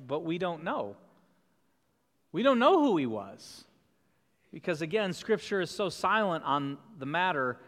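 A man's voice: a little high, sing-song, measured pace, long pauses, fairly bright tone, long reverb tail. A man preaching a sermon in an earnest, questioning way. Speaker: pastor.

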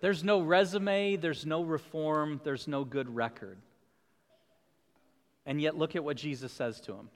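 A man pastor delivers an emphatic sermon in a church sanctuary, stacking up repeated refrains. His voice sits high for a man. A long reverb from the large hall carries behind his words. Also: measured pace.

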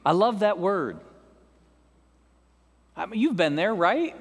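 This pastor's voice sits high and sing-song, slow and a bit breathy. His sermon is conversational and peppered with jokes for the congregation, echoing with long reverb through the church sanctuary.

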